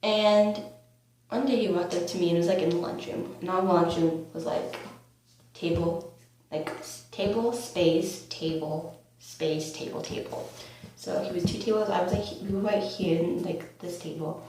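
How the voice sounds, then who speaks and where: Young woman, teens, storytime vlog, rambling and excitable, very echoey room. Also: lowish voice, moderate pace. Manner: rambling, filler-heavy, bursts of excitement. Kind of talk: storytime vlog, casual chat. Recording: very echoey room, faint hum.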